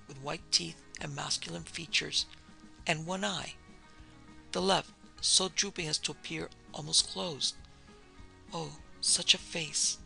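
A man reads as a shaken author confessing his ordeal in a lowered, jerky voice. The tone is bright and heavily gravelly. Faint music plays underneath. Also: full character voice, poor audio. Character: nervous frightened middle-aged male author.

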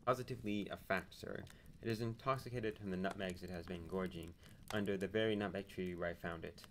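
A man's voice: low-pitched, fairly even intonation, a little fast, slight background noise. A man doing a polite young manservant. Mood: deferential. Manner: deferential, formal.

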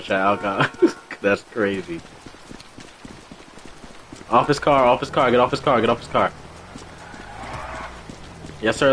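A young man hosts a live car meet stream in an easy, excitable way, repeating short commands and breaking into quick laughs. His pitch sits in the middle range for a man. Faint noise hums under the recording. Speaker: livestream host running a car meet. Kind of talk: casual live game commentary.

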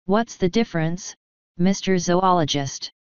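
A woman voicing an angry, pompous male wizard who snarls and forces himself to sound calm. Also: fairly low pitch, a little slow, smooth, no room sound, highs cut off, close to an everyday voice. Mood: seething.

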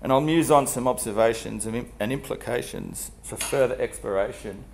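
A man with a husky voice from a cold, giving an academic seminar talk in a measured way with frequent fillers. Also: medium pitch, darkish tone, a little hiss or hum. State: has a cold, coughing. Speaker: guest lecturer.

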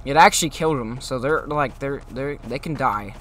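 A man's voice: medium pitch, moderate pace, a bit bright, a little hiss or hum. A man chatting casually during gameplay, guiding his friend and explaining what happens. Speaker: gaming YouTuber.

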